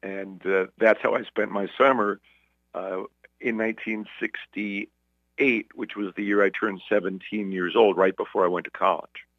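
A Brooklyn, New York man in his seventies, appearing as a sportscaster guest, relaxes into anecdotes during a casual interview, acting out the voices of people he quotes. His voice is low and dry, a little slow, captured in a dry, dull-sounding recording.

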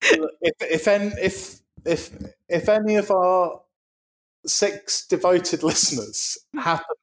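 A man's voice: high-pitched, slow pace. A man co-hosting a podcast, joking around in casual chat. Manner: playful, jokey, animated. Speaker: podcast co-host.

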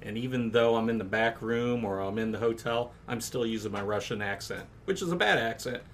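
A man's voice: medium pitch, fairly quick, a bit bright, a little hiss or hum. A man from in a casual chat, explaining things plainly and matter-of-factly. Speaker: podcast co-host.

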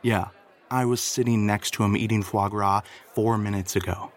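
A man leaving a rambling, comedic voice message for a podcast, flustered and jumping into a higher voice when he gets worked up. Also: fairly even intonation, moderate pace.

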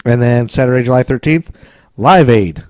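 An American man co-hosts a podcast, rambling and joking his way through the chat. His voice sits mellow and dark, recorded close and dry with no room sound. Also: medium pitch, moderate pace, no room sound. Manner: joking, rambling, breaks into goofy accents and singing. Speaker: podcast co-host. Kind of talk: casual chat.

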